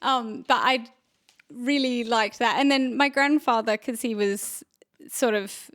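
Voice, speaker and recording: A woman's voice: on the high side, a little slow, a bit bright, no room sound, clean studio sound. A woman, an actor and comedian, telling a story in a rambling, casual way, with lots of fillers and restarts. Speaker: podcast guest, actor and comedian. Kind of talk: casual chat.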